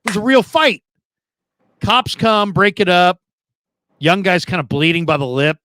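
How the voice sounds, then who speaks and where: High-voiced man hosting a sports stream. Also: lively intonation, unhurried, pushed and bright, slight background noise. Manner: joking storyteller, reads chat comments aloud. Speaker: podcast host. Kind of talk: casual live-stream sports chat.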